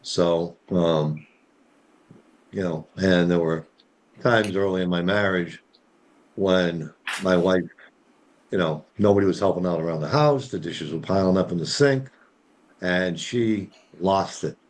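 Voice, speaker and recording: A man's voice: low voice, unhurried, pauses often. A man sharing a personal story in a casual group talk, rambling with many fillers. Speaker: discussion participant.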